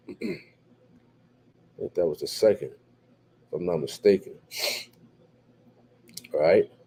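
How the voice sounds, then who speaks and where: A man's voice: deep voice, slow pace, mellow, a little hiss or hum. A tired man doing casual live fight commentary, reading viewers' chat and answering it in a laid-back way, full of repeats and fillers. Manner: laid-back, repeats himself, many fillers like "what have you".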